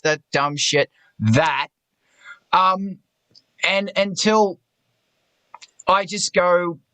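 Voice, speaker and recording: Over a video call, a man with a bright, forceful voice pitched a little high for a male speaker hosts an artists' talk stream. He's blunt and swears a lot, wandering into self-mocking asides during the casual group chat. The audio is dry and close, with no echo.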